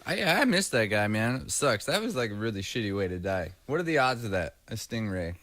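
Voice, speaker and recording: A man's voice: lowish voice, big pitch swings, brisk, fairly bright tone, dry recording. A man co-hosting a podcast in casual chat, crude and joking. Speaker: podcast co-host.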